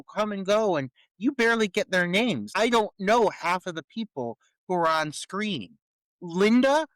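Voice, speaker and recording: A podcast co-host with a high, somewhat bright voice rants through a casual film review, exasperated, firing off rhetorical questions and swearing plenty. The recording is low quality with no echo.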